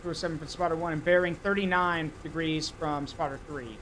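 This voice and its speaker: A man's voice: fairly high pitch, steady tone, brisk, fairly bright tone, slight background noise, low-quality recording. A man streaming live gameplay, talking himself through each step and getting frantic and swearing under pressure.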